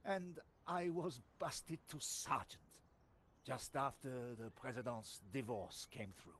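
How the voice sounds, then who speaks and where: A man's voice: medium pitch, animated, slow pace, a bit bright, slightly rough, heavily acted. An actor with a French accent playing a sheepish, pompous middle-aged police sergeant in a video game, telling his story theatrically. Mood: rueful.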